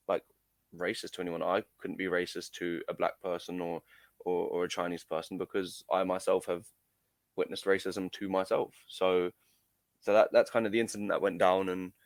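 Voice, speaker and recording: A man's voice: low-pitched, no echo. A young man telling a story in an interview, hesitant, with many fillers and restarts. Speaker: amateur footballer guest. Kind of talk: casual recounting in an interview.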